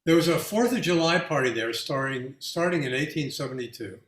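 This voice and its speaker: A man with a slightly raised voice talks over his art in a halting, musing way, restarting often. The room around him has a clear echo. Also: on the high side, fairly bright tone. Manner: halting with many restarts, laughs while telling anecdotes. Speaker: featured artist answering audience questions. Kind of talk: reflective casual talk.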